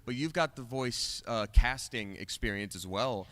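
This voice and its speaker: A young man chats on a convention panel in a joking, rambling way, often going off on tangents. His voice is bright and clear, at a middling pitch. It rises and falls a lot as he talks. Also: lively intonation, moderate pace. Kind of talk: casual panel chat.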